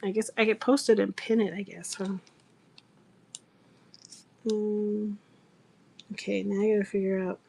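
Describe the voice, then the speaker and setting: On her craft livestream, a middle-aged seller host shares a funny story in a chatty, animated way, frequently laughing. Her medium-pitched voice is creaky, her pace measured, and she leaves long pauses.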